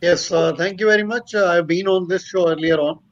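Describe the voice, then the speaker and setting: A man's voice: high-pitched, steady tone, fairly quick, muffled recording, a little hiss or hum. A man from India with an Indian English accent, a panel guest speaking politely and hesitantly over a video call. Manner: polite, hesitant, many fillers. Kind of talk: casual panel chat.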